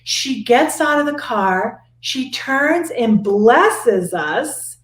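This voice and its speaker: A woman telling a story in casual chat, lively and laughing, acting out what people said. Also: fairly high pitch, extremely slow. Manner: animated, laughing, acts out quotes. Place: Sedona, Arizona. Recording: echoey room.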